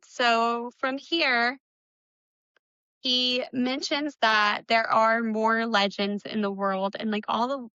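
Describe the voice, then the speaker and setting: Young woman, book podcast co-host, chatty recap, bright tone, dull lo-fi sound. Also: fairly high pitch, clear, resonant tone, no echo. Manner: chatty recapping with giggles and filler words. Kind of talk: casual book discussion.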